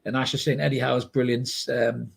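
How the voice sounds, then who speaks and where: A man, co-hosting a podcast, chatting excitably, swearing freely and reading out viewer comments. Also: mid-range voice, normal speed, vocal fry, slightly rough. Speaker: podcast co-host. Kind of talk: casual match reaction chat.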